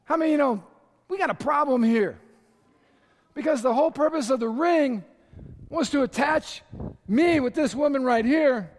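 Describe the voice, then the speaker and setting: A male pastor delivers a lively sermon and calls out to the people in front of him. His voice sits very high for a man. It rings through a large hall with a long reverb tail. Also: normal speed, long pauses. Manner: lively, storytelling, addressing the congregation directly.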